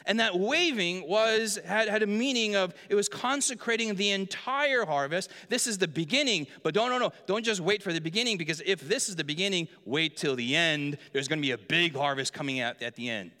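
A man's voice: sits high, fairly quick, hardly any pauses, pushed and bright. A man preaching a sermon in a church hall, joking with the congregation and quizzing them. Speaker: pastor. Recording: long reverb of a large hall.

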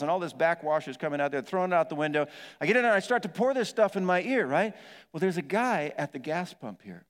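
Animated pastor telling a story in a hall. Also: male voice, sits high, fast. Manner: animated storytelling, acts out yelling and moaning. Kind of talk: storytelling sermon.

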